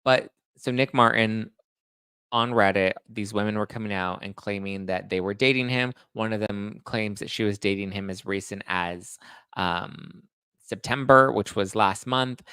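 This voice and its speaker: Gravelly low-voiced male live-show host. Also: pushed and bright, no room sound. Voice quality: chatty, sarcastic asides. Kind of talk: casual live-chat commentary.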